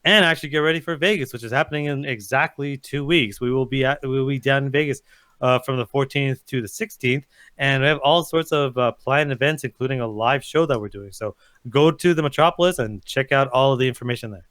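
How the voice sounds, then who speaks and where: Quick-talking man, matter-of-fact. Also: medium pitch, fairly bright tone. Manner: matter-of-fact, plugging events. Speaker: podcast co-host. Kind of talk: casual live-stream chat.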